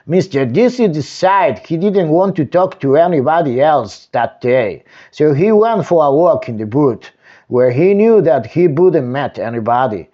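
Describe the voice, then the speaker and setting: A man reading a children's bedtime story aloud, slow and expressive with dramatic pauses, into a desktop microphone. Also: fairly high pitch, muffled recording. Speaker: storytime reader.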